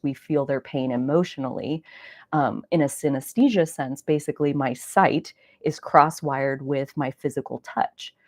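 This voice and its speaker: A woman hosting an astrology talk show, telling stories in a rambling, animated way with lots of "like" and some swearing. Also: low voice, no echo. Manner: rambling, animated storytelling with frequent "like" and mild swearing. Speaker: astrology podcast host. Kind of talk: casual solo chat.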